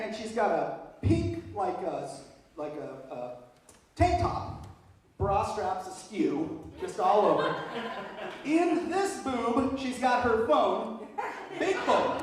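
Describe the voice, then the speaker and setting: Guy doing stand-up, laughs thru his bits, super animated, sounds far off in a big echoey room. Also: very high voice. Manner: animated, laughing through his own stories. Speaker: stand-up comedian. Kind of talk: stand-up storytelling.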